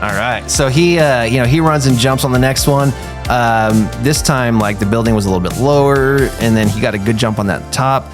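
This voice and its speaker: A man's voice: medium pitch, fairly quick. Chatty male game master, faint music. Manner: chatty, lots of "like" and "um". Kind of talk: narrating a tabletop game.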